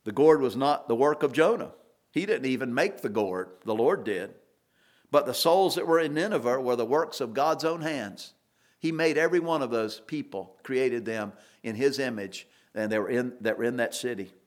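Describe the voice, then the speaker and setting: A man's voice: medium pitch, expressive, moderate pace. A man preaching an expository sermon, earnest, with rising emphasis on key points and occasional restarts.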